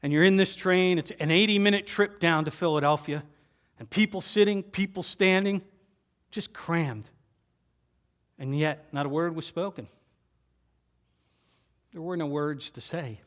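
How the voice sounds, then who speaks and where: A man speaking to a live audience, telling his story in short phrases broken by dramatic pauses. He repeats key lines and lets his voice fall quiet for emphasis. His voice sits fairly high for a man. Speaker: keynote presenter.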